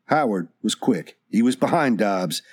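A man narrating an audiobook in a steady, measured way. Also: fairly low pitch.

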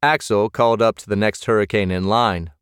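A man narrating an audiobook in a measured, even manner. His voice sits on the low side. The recording is close and completely dry. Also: clean tone, no room sound. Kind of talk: scripted narration.

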